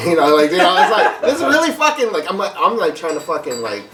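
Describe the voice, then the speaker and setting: A man's voice: fairly high pitch, moderate pace, recorded from a distance, crowd noise. Profane man telling hospital stories. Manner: profane, animated storyteller who acts out quoted people. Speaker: podcast guest. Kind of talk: casual storytelling chat. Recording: roomy, off-mic with loud music behind.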